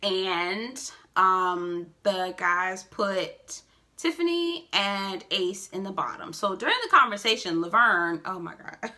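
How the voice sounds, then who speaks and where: A woman recaps a reality show slowly and with plenty of sass, tossing in expressive asides while her pitch swings widely.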